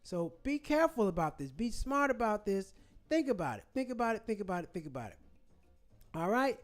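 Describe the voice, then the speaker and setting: A man with a strikingly high-pitched voice delivers a heated vlog rant. He preaches at his viewers, hammering the same phrases over and over. It is casual, unscripted commentary from a channel host. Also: big pitch swings, a little fast, faint music behind. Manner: fired-up, preachy, repeats phrases for emphasis.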